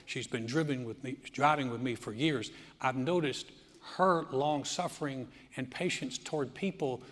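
A man in his sixties preaching a sermon, telling stories with laughs and frequent restarts. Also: mid-range voice. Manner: animated storytelling with laughs and restarts. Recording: long hall reverb.

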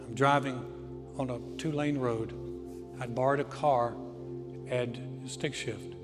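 A man's voice: mid-range voice, steady tone, slow. A man in his sixties preaching a sermon, alternating emphatic, swelling declarations with anecdotes told with repeated words and restarts. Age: 60s. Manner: emphatic preaching that swells loud on key lines, with stories in between. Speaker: pastor. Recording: long hall reverb with faint music.

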